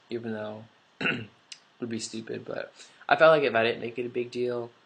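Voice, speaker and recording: Recorded on a camera mic, a male vlogger with a lowish, fairly bright voice and a stuffy nose tells a personal story. The vlog is casual and rambling, packed with "like" and offhand swearing.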